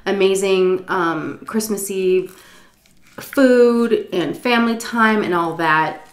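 A woman's voice: medium pitch, takes it slowly. A woman vlogger telling a story while eating, tipsy from shots, rambling, swearing freely and laughing often. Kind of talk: casual storytime chat.

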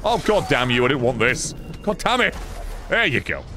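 A man's voice: mid-range voice, sing-song, normal speed, bright, forceful tone, faint music behind. A man streaming a game live, commenting sarcastically, talking back to the characters on screen and swearing often.

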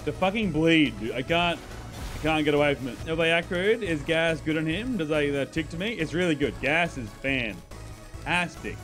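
A young man streaming a video game, chatting casually and excitably, swearing and laughing as he plays. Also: a little high, moderate pace, faint music behind. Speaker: gaming streamer. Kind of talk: live gameplay commentary.

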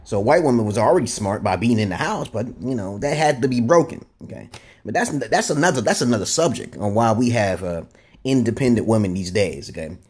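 A man vlogging a rambling, profane monologue, tagging lines with "okay?" and jumping up in pitch for emphasis. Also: brisk, slightly rough. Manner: animated, jumps up in pitch for emphasis. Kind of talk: casual ranting monologue.

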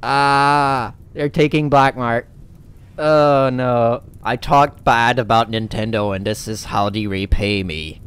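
A man giving sweary, animated let's-play commentary as a gaming YouTuber, laughing often. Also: mid-range voice, slow, smooth.

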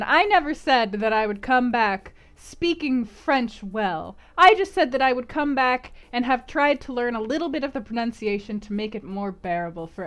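A woman's voice: a little high, fairly bright tone. A woman with an American accent hosting a read-aloud book club stream, chatty and self-deprecating, laughing often. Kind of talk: casual chat and book recap.

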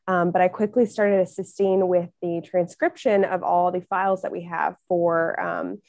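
A woman's voice: fairly low pitch, steady tone, moderate pace, gravelly, a little mellow, no echo, studio quality. A woman in her thirties, a museum curator, explaining her work on a video call with frequent hesitant ums. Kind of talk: casual explaining.

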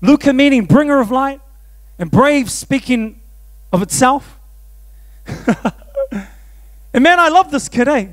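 High-voiced New pastor. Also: male voice, slow, pauses often. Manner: animated, self-mocking, laughs often. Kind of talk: storytelling sermon.

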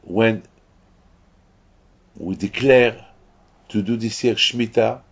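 Speaking slowly at a fairly low pitch, a rabbi delivers an emphatic sermon full of repetition and frequent restarts. The recording is dull and lo-fi.

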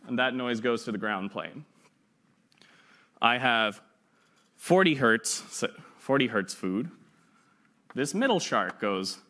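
In a lecture room, a young man gives an informal class, chatty and fond of playful analogies, often checking in with "right?" His medium-pitched voice is a little slow, pushed and bright.

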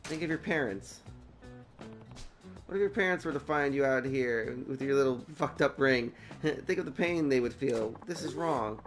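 A man's voice: medium pitch, normal speed, soft background music, natural voice. A man voicing a stern adult man who lectures a girl in a preachy way.

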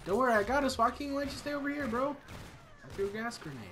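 A young man hosting a casual co-op gaming session, joking and swinging from loud yelps to low muttering. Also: very fast, background noise. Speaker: gaming channel host. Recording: voice chat over loud game gunfire.

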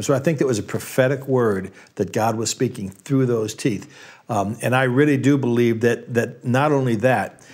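A man telling a faith story in casual conversation, earnest and halting, getting emotional as he speaks. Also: medium pitch, a little mellow, slightly rough. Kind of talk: casual testimony.

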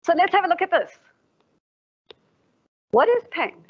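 A woman's voice: extremely high pitch, sing-song, unhurried. A woman professor giving a formal lecture, reflective and asking the audience questions. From South Africa. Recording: dull lo-fi livestream audio.

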